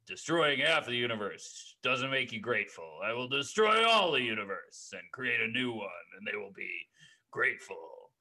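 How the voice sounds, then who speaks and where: A man voicing a grandiose, boastful alien warlord villain in a slow, ponderous, mock-solemn way. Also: medium pitch, sing-song, vocal fry, sharp tone, exaggerated voice. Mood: pompous.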